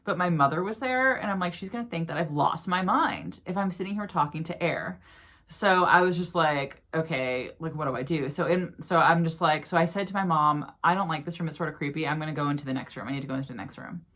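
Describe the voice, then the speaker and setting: A woman's voice: low-pitched, fast talker, a bit bright. A woman vlogger casually telling a personal ghost story, chatty and full of fillers.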